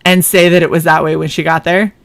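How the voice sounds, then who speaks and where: A woman's voice: lowish voice, level tone, quick pace, creaky, a bit bright. A young adult woman co-hosting a stream, telling a story casually, swearing and laughing often. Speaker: stream co-host.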